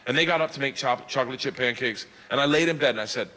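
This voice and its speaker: A man telling a long stand-up story, animated, breaking into loud bursts when he quotes himself, recorded on a comedy stage. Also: fairly high pitch, quick pace, hardly any pauses, big-room sound, rough recording.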